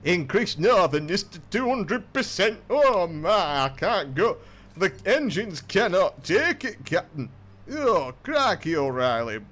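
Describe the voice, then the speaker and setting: A man's voice: sits high, big pitch swings, slow pace, a bit bright, pitched above the performer's own voice, heavily acted. A man putting on an exasperated northern English man in a theatrical, over-the-top way. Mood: panicked. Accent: northern English, put on.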